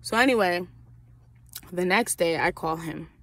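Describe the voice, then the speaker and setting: A young woman venting in a casual storytime vlog, profane and animated, acting out the voices of the people in her story. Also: lowish voice, unhurried. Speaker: vlogger.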